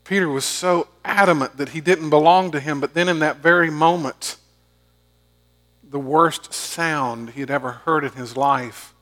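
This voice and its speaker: A man preaching a sermon, telling stories and swinging from loud emphatic bursts to hushed low asides. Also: unhurried. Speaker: pastor.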